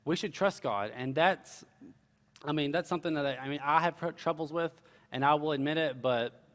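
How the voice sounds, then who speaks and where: A man's voice: on the high side, normal speed, fairly bright tone, long reverb tail. A young man preaching a sermon, telling stories with earnest, casual asides. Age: young adult. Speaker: pastor.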